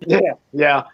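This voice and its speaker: Easygoing man from New Orleans, lo-fi. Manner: relaxed, rambling, laughs often. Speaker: livestream host. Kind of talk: casual live chat.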